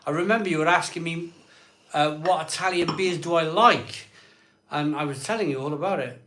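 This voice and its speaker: A man's voice: fairly high pitch, a little fast, sharp tone, roomy sound. A man hosting a casual live stream, chatting in a rambling way. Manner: chatty, rambling, frustrated sighs. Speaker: live show host.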